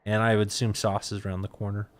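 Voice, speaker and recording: A man hosts a casual esports talk show in a somewhat low voice. He talks in a laid-back way and fills his pauses with uh and um. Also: level tone, a little hiss or hum. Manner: lots of uh and um fillers, laid-back. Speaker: host.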